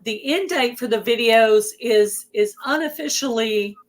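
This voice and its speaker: Southern lady hosting a live chat, kinda hoarse, greets everybody by name. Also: a little high, unhurried. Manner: chatty, greets viewers by name. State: hoarse, losing her voice. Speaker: host of a livestream. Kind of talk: casual livestream chat.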